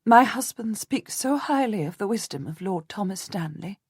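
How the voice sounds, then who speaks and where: A woman reading an audiobook voices a frail, weary young queen who speaks quietly with a catch in her breath. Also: mid-range voice, lively intonation, normal speed, husky, no echo, clean studio sound. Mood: gracious.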